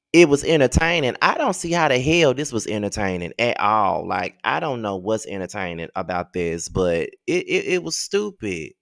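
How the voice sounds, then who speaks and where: A man's voice: creaky, fairly bright tone. A man ranting in a profane, exasperated video review, firing off rhetorical questions. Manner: rhetorical questions, jumps high in pitch. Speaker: YouTube reviewer.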